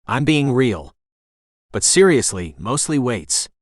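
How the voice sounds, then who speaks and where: A laid-back young guy with a teasing, wry edge, as a male narrator plays him. He talks easily at an average pitch. The sound is dry and close. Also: very animated, slow pace, no echo.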